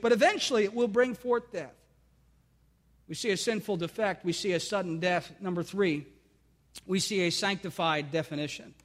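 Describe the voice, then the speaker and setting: High-voiced fervent male preacher, echoing hall. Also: fairly bright tone. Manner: fervent preaching, rising to emphatic peaks; calls to the congregation. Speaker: pastor. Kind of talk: sermon. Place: church sanctuary. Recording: long reverb of a church hall.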